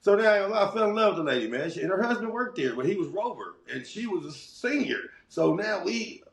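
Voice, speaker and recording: A man's voice: sits high, big pitch swings, a little fast, gravelly, a crowd in the background. A middle-aged man from Los Angeles, a guest telling his story in a casual, streetwise way that rambles and restarts often. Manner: rambling, streetwise, many restarts and "you know what I'm saying". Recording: roomy echo.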